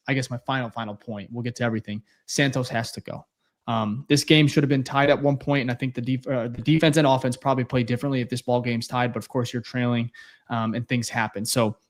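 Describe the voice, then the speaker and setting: Frustrated young man ranting about football. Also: fairly high pitch. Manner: frustrated, blunt, swears, repeats himself. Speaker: podcast co-host. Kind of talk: heated post-game podcast rant.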